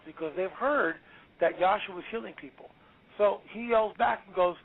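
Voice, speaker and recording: A male author talking as an interview guest, emphatic and preachy, quick to exclaim. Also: high voice, vocal fry. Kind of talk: animated interview talk. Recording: tinny phone-line audio.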